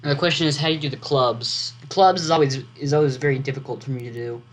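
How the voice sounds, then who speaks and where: An American writing vlogger rambles through casual vlog commentary in a steady, mid-range voice, talking fast. He meanders, corrects himself and thinks aloud, with a loud computer fan humming in the background.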